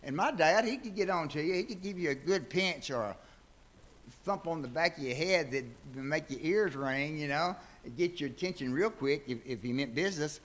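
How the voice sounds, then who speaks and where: Man, Bible class teacher, fairly high voice, folksy rambling storyteller, church classroom. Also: normal speed. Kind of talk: casual church class talk with personal stories.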